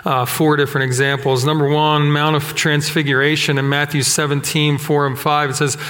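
A man preaching a sermon, telling self-deprecating stories in an animated way. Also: a little high, moderate pace, in a large hall. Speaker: pastor.

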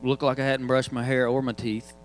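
A man's voice: medium pitch, little pitch movement, fairly quick, a little hiss or hum, poor audio. A man, preaching in a casual, joking storytelling way. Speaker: guest preacher. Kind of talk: sermon storytelling.

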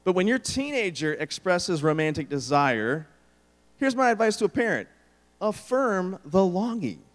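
A man's voice: high-pitched, a little slow. A middle-aged man preaching a sermon, telling stories and acting out the quotes. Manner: storytelling, animated, acts out quotes. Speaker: pastor. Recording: long hall reverb.

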